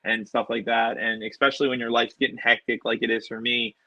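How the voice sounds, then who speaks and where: Bright-voiced wrestler telling stories. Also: male voice, mid-range voice, fairly quick, no echo, lo-fi sound. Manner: animated storyteller acting out quotes. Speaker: professional wrestler, guest. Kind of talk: casual interview storytelling.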